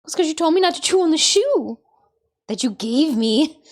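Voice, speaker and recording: A cheeky little male pet with a bratty, matter-of-fact way of answering back, as a woman puts him on. The voice sits well above her own, high and bouncy, and it swoops around with plenty of lift. He defends his chewing habit as if it were obvious. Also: lively intonation, normal speed. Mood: sassy. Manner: sassy, matter-of-fact backtalk.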